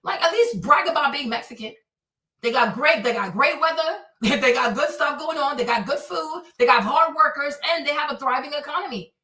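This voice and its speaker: A woman with a high, bright voice delivers a loud, mocking, profane rant, hammering the same jabs again and again. She sounds set back from the mic in an echoey room. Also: expressive, brisk, recorded from a distance. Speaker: streamer host. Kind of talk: ranting commentary.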